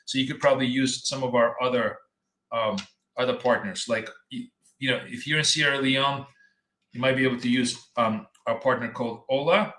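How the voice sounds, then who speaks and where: Here the trading coach's voice sits at medium pitch, steady in tone and pushed and bright, at a moderate pace. He's hosting his live stream from an echoey room, chatting and rambling to viewers directly.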